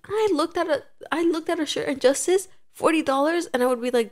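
A woman's voice: sits high, a little fast, hardly any pauses. A young woman in her twenties co-hosting a casual podcast chat, telling a story with lots of acted-out quotes. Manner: animated storytelling, acting out quoted voices. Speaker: podcast co-host.

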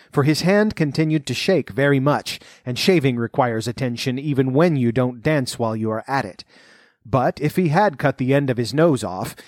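A man narrating a storybook, reading in an expressive, lively way. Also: mid-range voice, no room sound, studio quality.

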